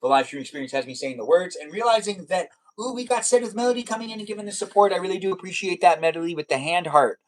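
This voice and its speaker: A man's voice: sits high, lively intonation, quick pace, few pauses, low-quality recording. A man live streaming, chatting casually and reading out viewer comments in a rambling, repetitive way.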